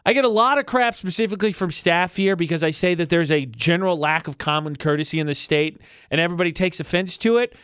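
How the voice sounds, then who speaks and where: A man with a high, smooth, clear voice banters casually as a radio co-host, heard dry and close on a studio mic. He talks in an animated way and slips into mocking voices to poke fun at people. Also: quick pace, hardly any pauses, no echo.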